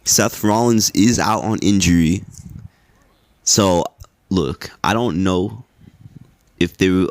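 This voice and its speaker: A young man with a deep, low voice talks through a wrestling recap in a drowsy, laid-back ramble, full of filler words and casual swearing. The recording is dry and close, with no room sound around him. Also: slow, long pauses, dry recording. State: sleepy. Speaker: podcast host.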